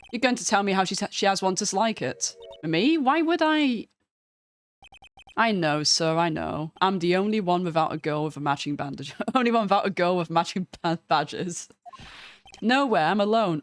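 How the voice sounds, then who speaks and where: A woman voicing a nervous, dramatic young male patrolman in a game read-through, with a high whiny voice that ends every line with sir. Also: close to an everyday voice.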